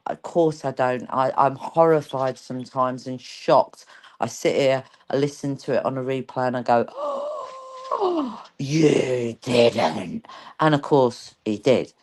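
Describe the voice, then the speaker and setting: A woman's voice: a bass voice, moderate pace. A woman hosting a casual live stream chat, talking freely with plenty of exclamations. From England, outside London. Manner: chatty, exclaiming, lively swings.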